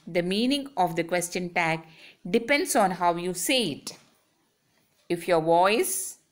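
Woman, grammar lecturer, slow and measured, somewhat low voice, careful step-by-step explanations. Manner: explains step by step, drawing out example sentences. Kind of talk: slow, deliberate grammar lesson.

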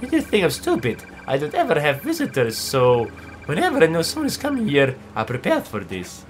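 A man's voice: on the high side, huge pitch swings, brisk, slight background noise. A man voicing a cold, menacing male spirit villain who taunts and mocks, reading game dialogue aloud. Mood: taunting.

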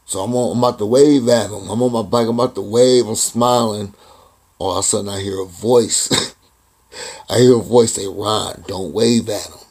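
A man's voice: fairly low pitch, steady tone, normal speed, darkish tone. A man vlogging, telling a personal story in a rambling, casual way, often chuckling and restarting his sentences.

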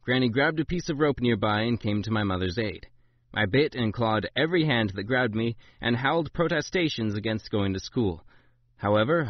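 A man reads a memoir aloud with a lively, swooping delivery, putting big rises of pitch and volume into the quoted lines. The recording is dull and lo-fi, close and dry with no room sound. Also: dry recording. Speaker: narrator. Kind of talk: dramatic memoir reading.

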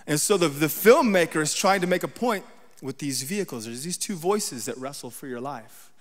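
A man's voice: on the high side, expressive, normal speed, long reverb tail. A man giving a sermon as guest preacher, talking conversationally and often checking in with the congregation. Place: church sanctuary.

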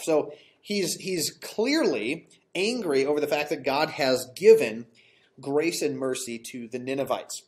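A man with a slightly high voice teaches a verse-by-verse sermon. He walks his congregation through the text patiently, asking rhetorical questions and correcting his own slips as he goes. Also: expressive, measured pace, darkish tone. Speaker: pastor. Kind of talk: expository sermon. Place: church sanctuary.

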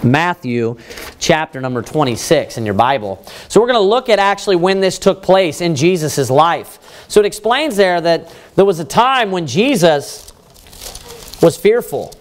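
A man, a pastor, preaching a Bible study sermon, reading verses slowly and then explaining them in plain words, rising in force to stress his points. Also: lively intonation, a little hiss or hum. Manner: rises in pitch and force when stressing points.

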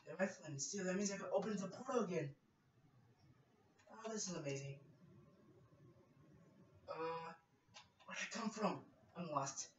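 A man talks through his gameplay in nervous, excitable bursts, repeating himself as he goes. He sits well back from the mic in a roomy space. The recording is dull and lo-fi, with faint hiss underneath. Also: high voice, unhurried, long pauses, far from the mic. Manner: jumpy, nervous self-talk with exclamations, repeating phrases. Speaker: gameplay video creator. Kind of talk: gameplay commentary.

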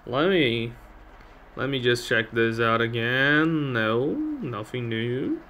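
Brief: laid-back male let's-player, slow talker, animated voice, jokey asides. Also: mid-range voice, a little hiss or hum. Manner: chatty, joking, laughs at the game. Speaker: gameplay channel host. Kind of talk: casual let's-play commentary.

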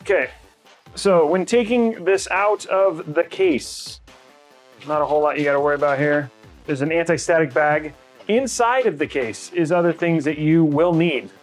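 Chatty tech guy explaining parts step by step, kinda high voice, quiet music behind. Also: normal speed. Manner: energetic, chatty, with fillers and asides. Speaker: tech channel host. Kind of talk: hands-on tutorial explanation.

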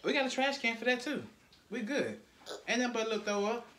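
A man's voice: very high voice, fast talker, pushed and bright. A man, a father hosting his family's vlog, hyping up viewers and teasing his son in casual commentary. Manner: hyped, teasing, calling out to viewers. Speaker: channel host and father.

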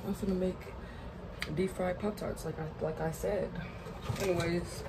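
A loud, cussing home cook vlogs from a kitchen, chatting straight at the viewers in a middling pitch. A thick layer of noise hangs under the voice the whole time. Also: steady tone, unhurried. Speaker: cooking vlogger. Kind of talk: casual cooking vlog chat. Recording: heavy background noise.

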